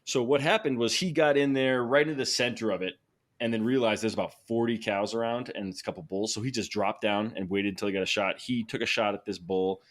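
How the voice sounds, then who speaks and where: A fairly quick, low-leaning male voice belongs to a podcast guest telling a story in an easygoing way. He's lively and excited, laughing and frequently restarting what he says.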